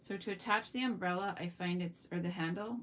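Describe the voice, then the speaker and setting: A woman's voice: fairly low pitch, brisk, fairly bright tone, a little hiss or hum. A Canadian woman hosting a live craft tutorial, chatting viewers through each step at her workspace and answering their comments. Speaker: card-making demonstrator.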